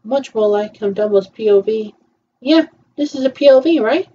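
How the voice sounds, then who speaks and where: A woman's voice: fairly high pitch, normal speed, mellow, lo-fi sound, slight background noise. A woman casually commenting while she watches a film, often murmuring agreement between her remarks. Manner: chatty, with frequent murmured agreements. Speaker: viewer reacting to a film.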